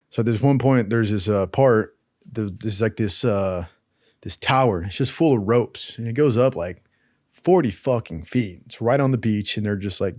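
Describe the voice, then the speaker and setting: A man spins loose, profanity-laced anecdotes in a casual storytelling voice, and he keeps slipping into quick impressions of the people in them. His voice is dry and close, with no room sound around it. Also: medium pitch, a little mellow, dry recording. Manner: profane, rambling anecdotes with acted quotes.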